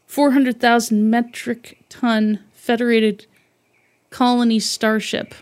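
Slow-talking woman podcast co-host. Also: fairly high pitch, flat delivery, darkish tone. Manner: easygoing, reads aloud haltingly. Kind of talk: casual chat.

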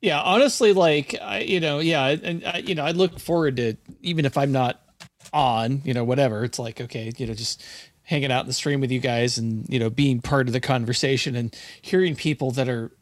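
A man's voice: mid-range voice, a little fast, no echo. A man guest on a podcast, rambling with hesitant restarts and getting exasperated. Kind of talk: casual podcast chat.

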